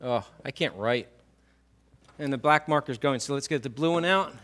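A man preaching a sermon in a church, swinging between loud emphasis and quiet low lines and drawing answers from the congregation. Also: moderate pace. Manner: asks the congregation questions and writes on a whiteboard. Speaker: pastor.

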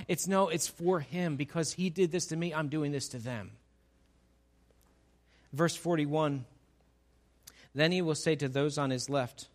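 A man's voice: fairly high pitch, a little slow, long pauses. A man preaching a sermon, who reads scripture and acts out its dialogue with playful humor. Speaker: pastor.

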